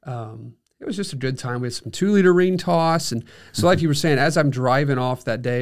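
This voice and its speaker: A man's voice: medium pitch, brisk, hardly any pauses. A man co-hosting a church podcast, chatting casually and reflectively with light self-deprecating humor. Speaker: podcast co-host. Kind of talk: casual chat.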